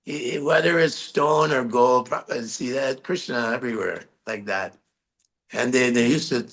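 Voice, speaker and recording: A man giving a talk, telling anecdotes with frequent laughter and animated delivery. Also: medium pitch, moderate pace, rough recording. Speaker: lecturer recalling memories. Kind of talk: storytelling talk.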